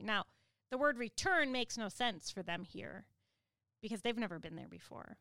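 A woman's voice: a little high, animated, moderate pace, a bit bright, no echo. A woman giving an earnest, explanatory Bible study lesson. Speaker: Bible teacher.

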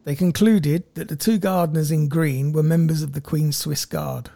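A man with a warm, relaxed tone and a gravelly edge tells a story to his co-host. He reads from notes and slips in wry jokes. His voice sits a little high for a man. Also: moderate pace, dry recording. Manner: wry, jokey narration read from notes. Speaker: podcast co-host telling the story. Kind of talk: casual storytelling chat.

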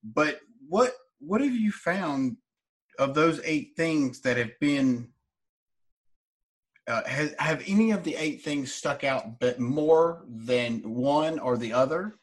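Man, podcast host, slow-paced, halting, lots of fillers, casual. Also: on the high side, lively intonation. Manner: hesitant, halting, many fillers. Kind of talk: casual interview talk.

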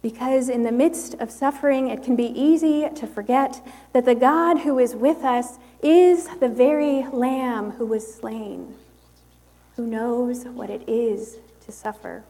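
Slow, measured woman preaching in a hall. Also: a little high, warm tone. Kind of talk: sermon.

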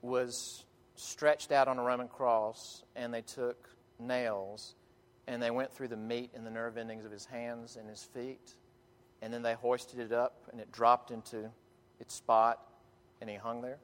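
A man preaching a sermon in earnest, emphatic tones, with dramatic pauses and frequent restarts, in a church sanctuary. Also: mid-range voice, flat delivery. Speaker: pastor. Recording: long hall reverb.

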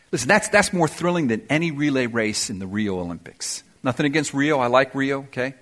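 A man preaching a sermon to his church congregation, energetic and emphatic, with punchy exclamations. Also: a little high. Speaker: pastor. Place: church service before a congregation.

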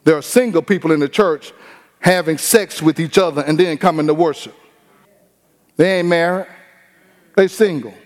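A man preaching a sermon as pastor, animated and informal, acting out the people he talks about. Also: a little high, normal speed, long pauses, long reverb tail. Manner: animated preaching with acted-out quotes.

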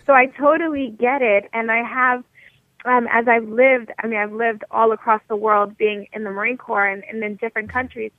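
A woman from New York in her thirties, a motivation coach talking as a radio guest in a blunt, energetic, straight-talking way over the phone. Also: on the high side, moderate pace, no echo. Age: 30s. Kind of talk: radio interview. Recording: tinny phone line, dry.

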